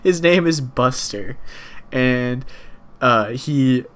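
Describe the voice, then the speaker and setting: A man's voice: mid-range voice, drawn-out words, a bit bright. A young man co-hosting a podcast, telling a story in casual chat, laughing often and swearing freely. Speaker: podcast co-host.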